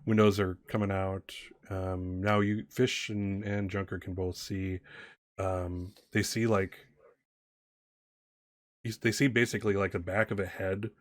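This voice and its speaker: Casting: low, dry-voiced male game master, halting delivery full of restarts. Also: level tone, no echo. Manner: halting, many fillers and restarts. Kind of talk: narrating a tabletop game.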